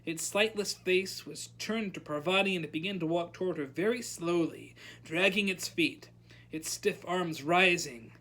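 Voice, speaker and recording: Reading a novel to a storytime audience, this librarian brings energy to it and voices the characters' lines out loud. She keeps a moderate pace in a mid-range voice.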